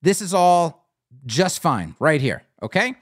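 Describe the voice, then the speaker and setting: A man's voice: a little high, big pitch swings, slow, no room sound, clean studio sound. A man hosting a live web design show, thinking aloud in a blunt, opinionated way as he clicks through a builder on screen. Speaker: web design livestream host. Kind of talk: live screen-share tutorial and critique.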